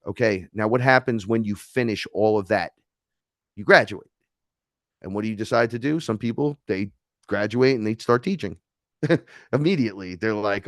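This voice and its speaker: A man's voice: on the low side, normal speed, pauses often, no room sound, clean studio sound. A man, a podcast guest telling stories in casual chat and acting out the voices he quotes. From New York City. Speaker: podcast guest, neo-shaman.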